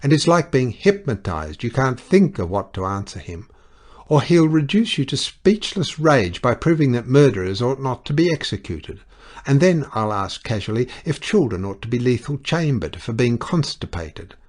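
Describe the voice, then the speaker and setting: A man's voice: mid-range voice, very animated, normal speed, darkish tone, voice pushed up. A man voicing a scornful, bitter young society wife. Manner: cutting, scornful, impassioned.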